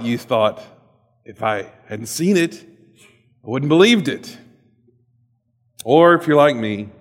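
A man preaching a sermon as a pastor, animated and humorous, with sudden loud bursts and soft asides. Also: fairly high pitch, big-room sound.

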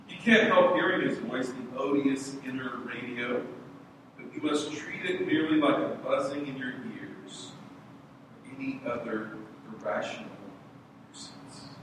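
A pastor with a mid-range voice preaches an earnest sermon, growing more intense as he continues. He's recorded from a distance in an echoey church sanctuary with background noise.

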